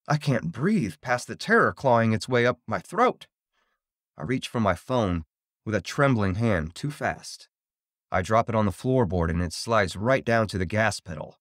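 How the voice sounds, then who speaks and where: Man, horror story narration, first person, tense, dramatic, very lively pitch, dry close sound. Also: normal speed, no echo.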